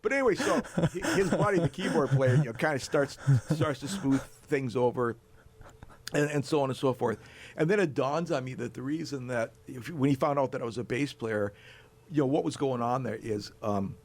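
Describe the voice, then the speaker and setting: A man in his sixties from North Dakota, a bass player telling a long story as a guest, animated and chuckling as he goes. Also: moderate pace. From North Dakota, USA. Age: 60s. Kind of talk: storytelling anecdote in a chat.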